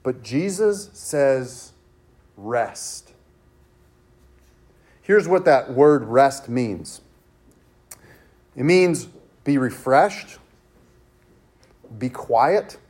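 A man's voice: medium pitch, animated, extremely slow, long pauses, a little mellow. A man as pastor preaching a sermon with an emphatic, repetitive cadence.

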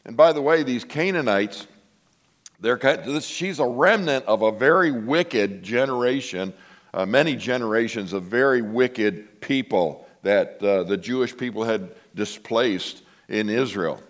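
Man preaching an animated sermon. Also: mid-range voice, a little slow. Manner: animated storytelling, acts out quoted voices. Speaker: pastor.

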